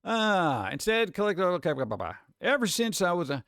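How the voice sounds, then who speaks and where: A man's voice: high-pitched, sing-song, moderate pace, a bit bright, no room sound, clean studio sound. A man hosting a casual commentary show, reading a news story aloud and breaking off into rambling, sarcastic asides. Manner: rambling, sarcastic asides, frequent fillers and restarts. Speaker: host.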